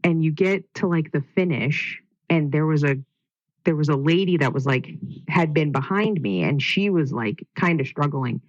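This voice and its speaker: A woman's voice: low voice, lively intonation, normal speed, no room sound. A woman casually telling a race story in a rambling way, full of fillers. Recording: dull lo-fi dry sound.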